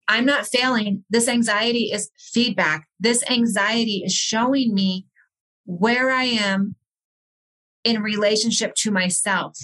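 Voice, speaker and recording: A woman's voice: mid-range voice, a bit bright, rough recording. A woman talking as a podcast guest, an author and coach, speaking earnestly and reflectively with frequent restarts. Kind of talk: candid personal conversation.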